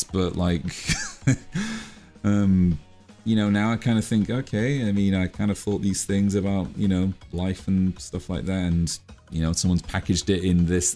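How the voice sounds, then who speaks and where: A man's voice: sits low, level tone, measured pace, warm tone, soft background music. A man streaming his drawing, chatting casually in a rambling, self-deprecating way. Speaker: art streamer.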